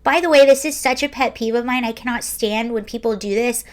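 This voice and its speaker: Woman, early forties, high-pitched, sarcastic, chuckling, casual video host. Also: a little fast. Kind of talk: casual commentary reading a story aloud.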